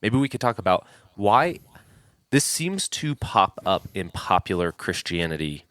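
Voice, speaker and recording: A man's voice: low voice, very animated, a little slow, fairly bright tone, dry recording. A man co-hosting a casual discussion podcast, posing long, hesitant questions. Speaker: podcast co-host.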